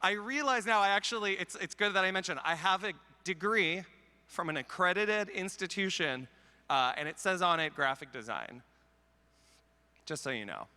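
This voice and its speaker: A man's voice: high voice, expressive, bright, forceful tone. A man from Canada giving a comedic, self-deprecating conference talk into a handheld mic in a large hall. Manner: wry, self-deprecating, quick jokes. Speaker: conference speaker.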